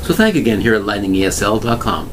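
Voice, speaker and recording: Lower-voiced male English teacher, patient and explanatory, light hiss behind. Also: lively intonation, low-quality recording. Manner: slow, spelled-out explanations with rhetorical questions. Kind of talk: vocabulary lesson.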